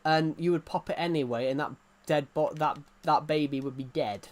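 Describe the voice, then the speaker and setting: A man's voice: fairly high pitch, moderate pace. A man chatting casually to viewers during a gaming live stream, rambling and joking as he plays.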